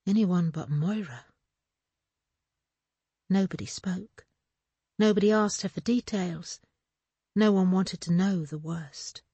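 A woman narrating an audiobook in a steady, measured way. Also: on the low side, husky, dry recording, dull audio. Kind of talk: scripted narration.

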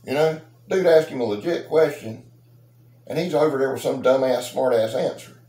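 A man's voice: medium pitch, moderate pace, mellow. A middle-aged man, hosting a knife channel and chatting casually to his subscribers in a rambling, joking, boastful way. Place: outdoors. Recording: roomy echo with faint noise.

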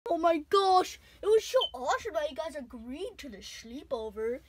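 A woman play-acting a plush-toy scene. She talks in an excitable, exclamatory way and often squeals or bursts into giggles. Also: high-pitched, normal speed. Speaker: toy video creator voicing plush characters.

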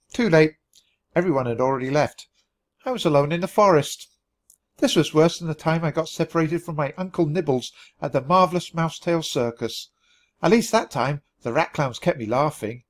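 A man reading a children's book aloud for language learners, telling the story expressively in the first person. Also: on the high side. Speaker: storybook reader.

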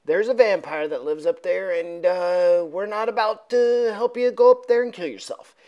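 A woman's voice: medium pitch, normal speed, warm tone, dull audio, close to an everyday voice. Woman doing a grim old village man. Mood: warning. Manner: warning, grim. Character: gruff old villager with a pipe.

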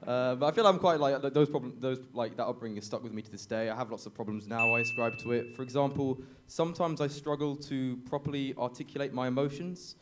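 A man's voice: mid-range voice, quick pace, hardly any pauses, slight background noise. A young man doing a stand-up comedy set on a club stage, awkward and self-deprecating, chuckling at his own jokes into a handheld mic.

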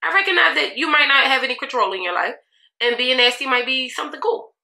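This young woman speaks quickly in a high, animated voice that's gravelly yet pushed and bright. A beauty vlogger, she sassily chats with viewers during a casual get-ready-with-me session, laughing frequently, and the room sounds echoey.

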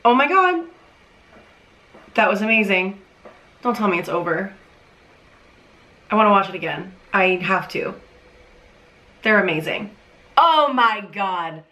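A young woman gushing excitedly while reacting to a music video on her channel, with the video's music playing behind her. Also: mid-range voice, unhurried, pauses often. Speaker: YouTube reaction host.

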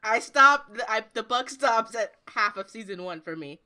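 A woman's voice: on the high side, lively intonation, moderate pace, pushed and bright. A woman hosting a podcast, chatting casually and reading out news. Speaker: podcast host.

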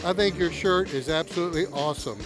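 A man's voice: a little high, fast talker, music in the background. Wry man rambling through anecdotes. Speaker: interviewee. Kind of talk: casual joking chat. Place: busy travel expo hall.

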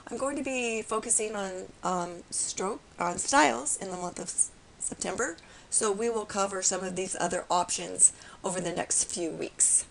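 A woman with a raspy voice today, calmly walking viewers through a step-by-step software tutorial. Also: mid-range voice, moderate pace, slight background noise, rough recording. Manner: calm, explanatory, with frequent fillers.

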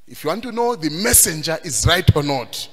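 A man preaching a sermon, emphatic and sing-song, rising at times to shouts. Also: fairly high pitch, lively intonation, moderate pace. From Zimbabwe. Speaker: pastor. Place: church hall. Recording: long hall reverb.

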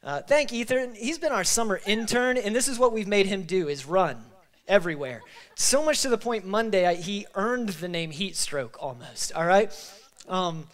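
This pastor's voice sits high and sounds expressive at a normal speed as he closes the church service in the sanctuary. Stuffy-nosed from crying, he emotionally rallies the congregation.

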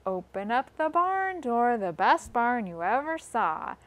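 A woman, a children's librarian, reading a rhyme to young children in a slow, sing-song way and inviting them to join in. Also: on the high side, very animated.

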